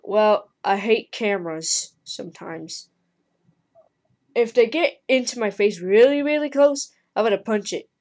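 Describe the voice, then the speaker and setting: A woman's voice: mid-range voice, measured pace, darkish tone, lightly acted. A woman voicing a hot-tempered male fighter who talks bluntly and threatens.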